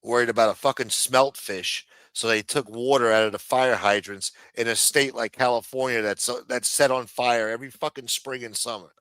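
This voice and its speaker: A middle-aged man from the United States rants angrily into a streaming microphone, swearing nearly every sentence. His voice sits at an ordinary male pitch, and the sound is dry and close with no room around it. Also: steady tone, moderate pace, few pauses, a bit bright, smooth, no echo. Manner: profane, angry ranting. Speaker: show host. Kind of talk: ranting livestream commentary.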